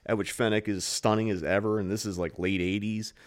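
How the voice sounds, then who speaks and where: A man's voice: on the low side, flat delivery, a little fast. A man co-hosting a podcast in casual, rambling chat, swearing freely. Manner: loose, rambling, swears a lot. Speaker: podcast co-host.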